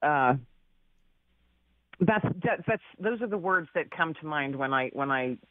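A woman's voice: lowish voice, dry recording, narrow, tinny audio. A woman guest author telling a personal story in a chatty, casual way, laughing often and using many fillers.

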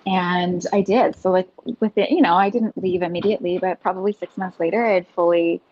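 A woman's voice: lowish voice, a little fast. Earnest woman guest telling a story, lo-fi. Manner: earnest and animated, peppered with "like". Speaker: podcast guest, breathwork facilitator. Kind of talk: casual interview storytelling. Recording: dull lo-fi sound.

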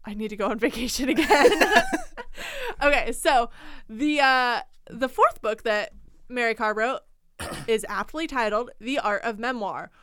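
A young woman with a smooth, clear voice that sits a little high. She co-hosts a casual book podcast, chatty and giggly, and the sound is close and dry. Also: unhurried, a bit bright, no room sound. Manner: giggly, chatty, reads quotes aloud. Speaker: podcast co-host.

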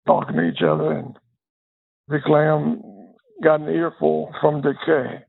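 A man's voice: fairly high pitch, gravelly, breathy edge. An older man, a former district attorney, telling a long story in an interview, often repeating words as he goes. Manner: reflective storyteller who repeats words and restarts phrases. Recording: tinny phone-line sound.

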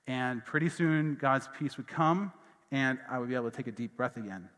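A man's voice: medium pitch, fairly quick, a bit bright. A man preaching a sermon as pastor, telling personal stories in a loose, conversational way full of fillers and asides. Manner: casual storytelling with fillers and asides. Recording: long hall reverb.

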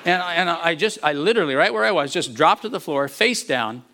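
A male pastor telling a story in a sermon, animated, chuckling often, and repeating words as he goes. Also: on the high side, brisk, a little hiss or hum.

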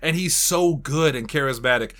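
A man's voice: on the high side, normal speed, bright, forceful tone. A man chatting casually as a player in a tabletop game group, rambling on a tangent and apologizing for it. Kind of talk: casual chat.

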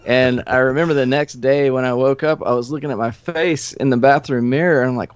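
A man's voice: medium pitch, fairly even intonation, brisk, few pauses, clear, resonant tone, no room sound. Man, 40s, from Nashville, podcast guest, rambling profane anecdotes, chuckling, dry dull lo-fi sound. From Nashville, USA. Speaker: podcast guest, former punk musician. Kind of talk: casual storytelling.

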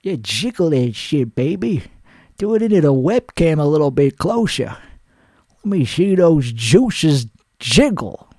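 A man's voice: a little high, sing-song, a little slow, a little mellow, no echo, clean studio sound, heavily acted. A man playing a crude, boastful podcast persona who rambles through an improvised comedy monologue with many restarts. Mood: rambling. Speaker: podcast host.

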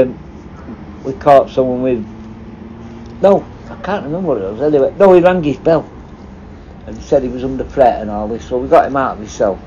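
A man who was a prison officer shares sprawling, swear-filled anecdotes in a laid-back chat, his voice mid-range and mellow. The recording has a dull, lo-fi quality and faint noise.

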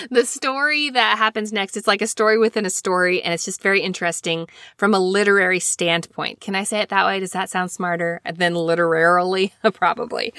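Woman, 30s, from Alabama; chatty scripture-lesson host, bright tone, dry close sound, rambling storyteller. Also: medium pitch, dry recording. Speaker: scripture study podcast host.

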